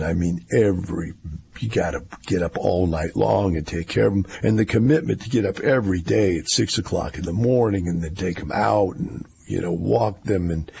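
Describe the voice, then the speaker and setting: A man's voice: low voice, creaky, mellow, slight background noise. An older man, giving a rambling, folksy casual monologue with wry asides.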